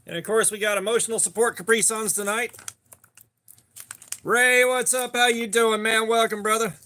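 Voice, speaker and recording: A man with a high, bright voice hosts a casual live stream. He greets viewers one after another by name and rambles loosely from topic to topic. His tone is forceful and upbeat. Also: fairly even intonation, moderate pace. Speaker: livestream host.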